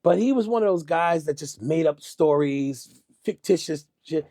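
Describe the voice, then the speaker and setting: A man's voice: on the high side, animated, normal speed, dark tone, dry recording, clean studio sound. A middle-aged man, a music producer guest, telling stories in a casual interview and acting out the quotes with animation.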